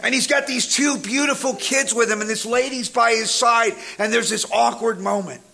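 A man's voice: very high voice, moderate pace, gravelly. A man giving a humorous motivational recovery talk, telling stories with energy and jokes. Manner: energetic joking storyteller. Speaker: recovery speaker.

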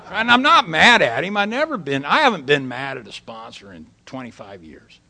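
Folksy, gravelly-voiced middle-aged man. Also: a little high, big pitch swings, a little fast, few pauses, pushed and bright. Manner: folksy, swears freely, tags lines with "right?". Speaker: recovery meeting speaker. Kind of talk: personal storytelling talk.

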